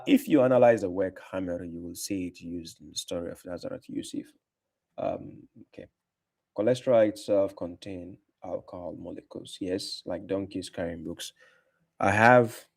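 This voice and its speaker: A low, husky voice with creak and a touch of mellowness belongs to a man running a casual livestream. Answering viewer comments, he gets combative and scornful, repeating lines for emphasis.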